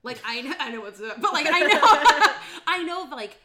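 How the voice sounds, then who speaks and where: A woman's voice: high voice, big pitch swings, moderate pace, over a noisy crowd. A young woman co-hosting a podcast, telling a dating story in casual chat, acting out quotes and laughing often. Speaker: podcast co-host.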